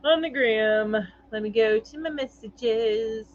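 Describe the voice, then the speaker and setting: A woman's voice: on the high side, takes it slowly, muffled recording. A woman hosting a casual live-stream chat, reading viewer comments aloud in a chatty way with lots of fillers.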